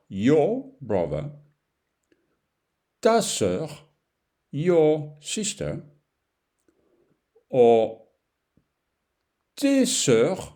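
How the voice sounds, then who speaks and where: A man with a French accent, a native French speaker teaching a beginner language lesson, talking slowly and repeating each word with fillers like "you know". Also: medium pitch, dark tone. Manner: slow, repetitive, with fillers and "you know", pausing to repeat words.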